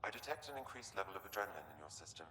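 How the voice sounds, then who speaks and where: A calm artificial mission computer from a video game, speaking in a measured, clinical way. The voice sits very low but comes quick and bright, heard from a distance in a roomy space with a long reverb. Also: male voice, a little hiss or hum, exaggerated voice. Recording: roomy game audio from far off.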